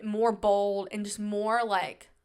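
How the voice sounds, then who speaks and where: A young woman hosts her own podcast, talking on her own in a loose, rambling way, full of fillers and little pep talks to herself. Her voice is smooth and clear at a mid pitch, and by her own account she is shy and introverted. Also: flat delivery, slow pace, darkish tone. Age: young adult. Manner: chatty, filler-heavy, self-reassuring. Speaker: podcast host. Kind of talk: casual solo podcast chat.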